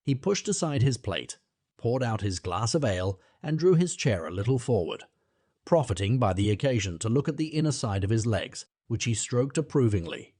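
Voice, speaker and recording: A man narrating a classic novel as an audiobook, in a measured, even way. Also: medium pitch, no room sound, studio quality.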